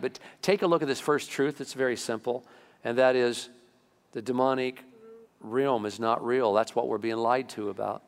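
A man preaching a sermon as pastor, animated, rising sharply in pitch to stress his points. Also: moderate pace. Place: church sanctuary. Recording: long reverb of a church hall.

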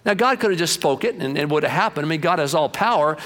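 Emphatic, fairly high-voiced male preacher. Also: expressive, quick pace, a bit bright. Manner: emphatic, conversational, repeats phrases. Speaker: pastor. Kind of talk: sermon. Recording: long hall reverb.

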